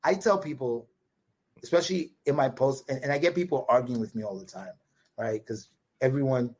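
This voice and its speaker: A man from Brooklyn with a husky, slightly breathy voice, talking in a New York accent. His voice sits at an ordinary middle pitch, and he tells his story animatedly, restarting phrases and acting out both sides of a conversation. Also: brisk. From Brooklyn, USA. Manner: animated, repetitive restarts, quotes dialogue with "right?" tags. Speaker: podcast guest. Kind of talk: casual storytelling.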